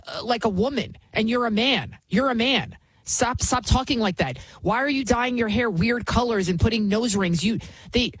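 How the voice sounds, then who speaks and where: A woman's voice: fairly high pitch, breathy edge, no room sound, poor audio. A woman hosting a commentary show, talking in a heated, emphatic and repetitive ranting manner while introducing clips. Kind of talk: opinionated commentary.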